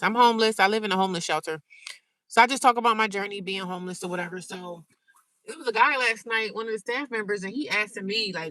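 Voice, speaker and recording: A woman talks straight to her livestream audience in a casual, blunt way, circling back to repeat her point. Her voice is bright and forceful. She sits back from the phone, so she sounds distant, but the sound is dry with no room echo. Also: medium pitch, quick pace. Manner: blunt, repetitive, animated storytelling. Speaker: livestreamer sharing her daily life.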